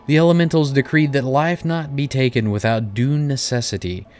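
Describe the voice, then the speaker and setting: A proud, long-winded male guild receptionist gives a stately welcome to new recruits, as a man reads his lines aloud. The voice sits at an ordinary middle pitch. Soft game music plays quietly underneath. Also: moderate pace, lightly acted. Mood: formal.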